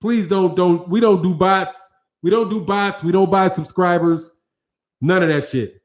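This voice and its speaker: At a measured pace, a boxing channel host with a fairly high voice fields his livestream viewers' chat as it rolls in. He's loose, slangy, and swears freely, talking directly into a studio mic rigged with several cameras.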